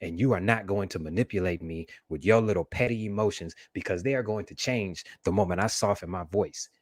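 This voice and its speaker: Deep-voiced man talking forcefully. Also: no room sound, studio quality. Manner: forceful, emphatic. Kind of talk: casual discussion.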